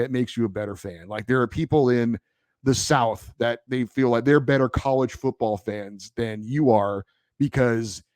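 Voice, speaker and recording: A man's voice: mid-range voice, a little mellow, no echo. Chatty man hosting a hockey podcast. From born in Hawaii, raised in California. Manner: conversational, pushes back, many fillers. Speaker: podcast host. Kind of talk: casual hockey podcast, reading listener feedback.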